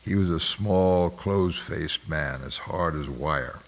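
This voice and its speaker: A man narrating a literary novel aloud in a measured, somber manner, now and then clearing his throat. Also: rumbling low. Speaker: audiobook narrator.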